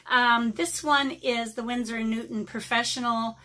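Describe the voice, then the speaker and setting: A woman's voice: on the high side, steady tone, normal speed, bright, forceful tone. A middle-aged woman chatting casually through an art supply unboxing, rambling with lots of ums and a little out of breath. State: slightly out of breath. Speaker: watercolor artist vlogger.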